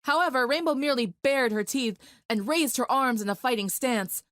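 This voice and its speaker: A woman's voice: high voice, moderate pace, a bit bright, dry recording. Woman reading an action story, dry close sound. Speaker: narrator. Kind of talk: dramatic fan fiction reading.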